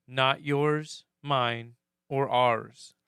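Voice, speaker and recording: A man's voice: mid-range voice, steady tone, extremely slow, a bit bright, clear, resonant tone, no echo, clean studio sound. A man co-hosting a podcast in casual chat, joking and swearing as he reads out listener comments. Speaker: podcast co-host.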